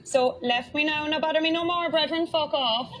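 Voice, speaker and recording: Cork woman doing a playful fake Jamaican accent, high voice, loud background noise. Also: normal speed, close to an everyday voice. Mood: mock tough. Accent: Cork accent bending into mock Jamaican. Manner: playful, exaggerated, laughing through it. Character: woman faking a tough Jamaican patois.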